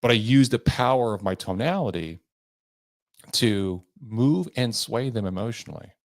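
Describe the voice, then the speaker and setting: With a mid-range voice, lively intonation and normal speed, a podcast host and sales trainer delivers emphatic motivational coaching. He varies pace and tone for effect, and the studio-quality audio has no echo.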